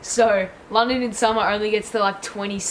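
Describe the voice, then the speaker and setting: A woman's voice: mid-range voice, steady tone, a little fast, a little hiss or hum, rough recording. Chatty Australian teen girl. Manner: chatty, rambling. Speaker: YouTuber. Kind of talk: casual reaction video. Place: bedroom at home.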